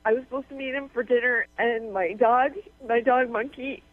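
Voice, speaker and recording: A woman's voice: on the high side, fairly even intonation, moderate pace, no echo. Tearful woman caller on a phone line. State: tearful, on the verge of crying. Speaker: radio caller. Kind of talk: emotional phone call to a radio show.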